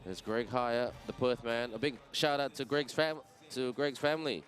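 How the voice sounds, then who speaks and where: A man commentating a live basketball game, energetic and chatty, greeting viewers in several languages. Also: medium pitch, normal speed. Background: crowd.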